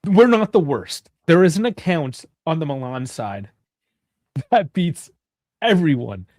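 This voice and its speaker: A man hosting a casual live-streamed chat show, talkative and quick to laugh. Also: a little high, very animated, a little mellow, no echo, clean studio sound. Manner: chatty, laughs often. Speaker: host.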